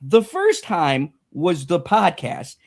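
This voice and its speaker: A woman's voice: lowish voice, huge pitch swings, takes it slowly, gravelly, darkish tone. A woman hosting a commentary channel, delivering a furious, profane rant, stammering when heated and mocking her critics. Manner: furious, sweary, mocking sing-song impressions of critics.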